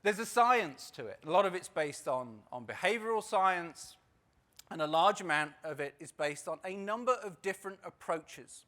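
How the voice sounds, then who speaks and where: A man's voice: high-pitched, animated, normal speed, pushed and bright. A man introducing a group exercise to a live audience in a wry, self-deprecating way, repeating words for emphasis. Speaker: workshop facilitator. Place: conference session room.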